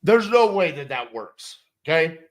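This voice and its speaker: A man with a slightly high voice coaches sales. He is blunt and emphatic and swears freely, and he acts out both sides of a call as he picks a script apart. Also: sing-song, a little slow. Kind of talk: instructional commentary on a sales script.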